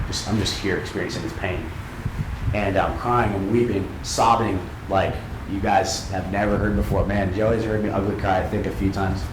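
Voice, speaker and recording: A young man giving a personal testimony speech at a live event, earnest and emotional, with dramatic pauses. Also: sits low, steady tone. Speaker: speaker at an event. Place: large hall at a live event. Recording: echoey hall with background noise.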